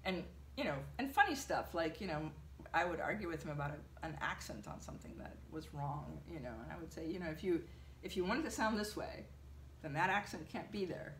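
A woman being interviewed, telling an animated story with lots of fillers. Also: sits low, a little fast, echoey room, a little hiss or hum. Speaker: translator, interviewee. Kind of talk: conversational interview.

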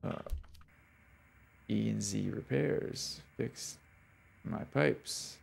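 A man's voice: on the low side, extremely slow, creaky, breathy edge. A man streaming a horror game, talking to his chat as he plays, reacting with swearing and laughter. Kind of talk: casual gaming commentary.

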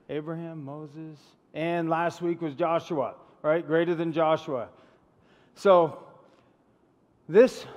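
Male pastor, casual chatty sermon style, fairly high voice, long church reverb. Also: a little mellow. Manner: chatty, asks the congregation questions. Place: church sanctuary.

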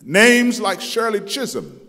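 Storytelling pastor in a reverberant church. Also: male voice, slow. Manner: storytelling with acted quotes and animated shifts in pitch. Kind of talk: sermon. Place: large church sanctuary. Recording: long reverb of a church hall.

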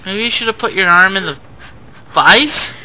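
A woman's voice: mid-range voice, normal speed, bright, forceful tone, a little hiss or hum. A woman commenting on a video game as she plays, squeamish and pleading with the game, talking through clenched teeth. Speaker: let's play gamer. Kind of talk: gameplay commentary.

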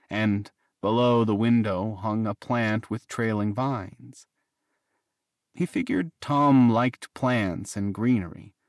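Man narrating a novel, steady and even, dry close sound. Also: mid-range voice, no room sound. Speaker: audiobook narrator. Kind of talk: scripted narration.

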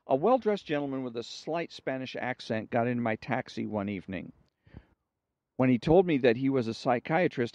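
A man tells jokes and stories in a relaxed, conversational way, with a voice of middle pitch. The recording is dull and muffled, with no room sound. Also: no echo. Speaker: storyteller host. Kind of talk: joke and anecdote telling.

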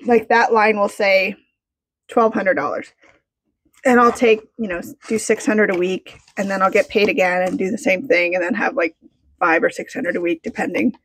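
A woman chats casually on her vlog while counting out cash. She sounds bubbly and excitable, and her voice sits in a middle pitch. She often talks to herself as she counts. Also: normal speed. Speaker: budgeting vlogger.

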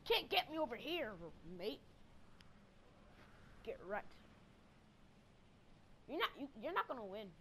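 A woman giving casual gaming commentary while playing with a friend, excitable and trash-talking with loud outbursts, on a headset mic. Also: sits high, unhurried, pauses often, slight background noise.

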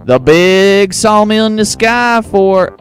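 A greedy reptile shopkeeper sneers insults in a raised, pushy voice, as a man puts him on. He talks loudly from slightly back from the mic. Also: sits high, slow, clean tone, soft background music, pitched above the performer's own voice. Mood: sneering.

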